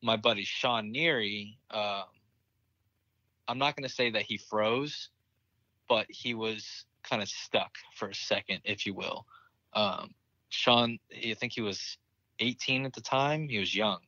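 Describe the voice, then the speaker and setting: A man's voice: lowish voice, measured pace, sharp tone, no room sound, muffled recording. A young man, a military veteran, candidly telling a war story in casual conversation, swearing freely and laughing at grim moments. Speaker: interview guest, military veteran.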